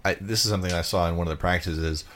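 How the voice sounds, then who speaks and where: A man's voice: deep voice, steady tone, racing, fairly bright tone. A man co-hosting a podcast, chatting casually and saying "like" a lot, with dry quips. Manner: chatty, lots of likes, dry corrections. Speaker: podcast co-host. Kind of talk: casual race recap chat.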